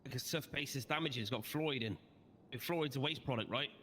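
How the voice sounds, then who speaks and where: Man, stubborn and bright. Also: medium pitch, fast talker, long reverb tail, a little hiss or hum. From Britain. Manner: stubborn, dry, playful. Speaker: roleplay player. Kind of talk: casual in-character roleplay banter.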